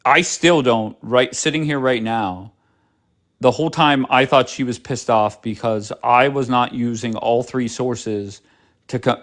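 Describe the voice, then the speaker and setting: A man's voice: medium pitch, fairly bright tone. A man hosting a live stream, talking bluntly and sarcastically with a lot of swearing. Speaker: livestream host. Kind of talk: casual live-stream chat.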